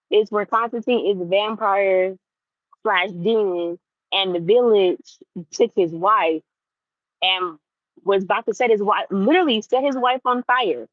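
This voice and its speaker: A woman's voice: medium pitch, dry recording. Young woman vlogger, chatty and worked up, dry slightly muffled sound. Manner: animated, repeats herself for emphasis. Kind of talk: casual ranting chat to viewers.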